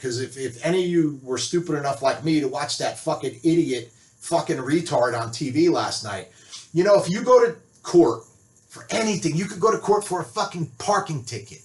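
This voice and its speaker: A man's voice: on the high side, moderate pace. An older man lets loose an angry, heavily profane rant, his slightly raised voice carrying a furious edge. The sound rings around a roomy, echoey space. He is from the United States and talks straight to his viewers. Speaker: biker author vlogger. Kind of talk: ranting monologue. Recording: roomy echo.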